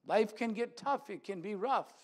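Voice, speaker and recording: Man, preacher, high voice, sermon, animated, acts out voices. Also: moderate pace. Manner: animated, acts out quoted voices with big swings in loudness. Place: church.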